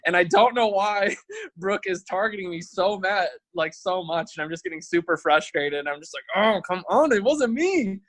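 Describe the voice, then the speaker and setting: A man's voice: sits high, fairly even intonation, moderate pace, fairly bright tone, no echo. A young man, a guest, explaining his side of events in casual chat in an exasperated, defensive way.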